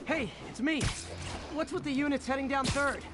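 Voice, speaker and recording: An actor voicing a breezy, wisecracking young superhero in a game. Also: male voice, very high voice, fairly even intonation, moderate pace, background noise. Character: quippy young masked superhero.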